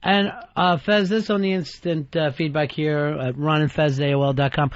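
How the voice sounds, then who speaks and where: High-voiced man teasing on talk radio. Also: fairly even intonation, a little hiss or hum. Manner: dry, teasing, quick comebacks. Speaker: radio talk show host. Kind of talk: casual talk radio banter. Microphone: studio microphone. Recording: dull, dry studio broadcast sound.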